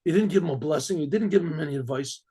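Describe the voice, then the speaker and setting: A middle-aged rabbi telling a story aloud, with frequent throat clearing and many repeated, restarted words. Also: male voice, fairly high pitch, fast talker, warm tone. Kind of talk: spoken story narration.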